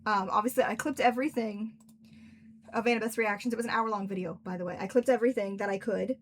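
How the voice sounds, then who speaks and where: A woman's voice: mid-range voice, fairly even intonation, quick pace, slight background noise. A young woman author chatting casually on a stream with a friend, laughing often. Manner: giggly, chatty, lots of laughing.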